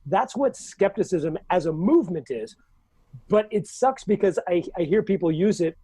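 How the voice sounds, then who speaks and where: A man's voice: high-pitched, expressive, moderate pace, mellow, breathy edge, no echo, low-quality recording. A man comedian on a panel, emphatic and exasperated as he rants. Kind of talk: casual panel chat.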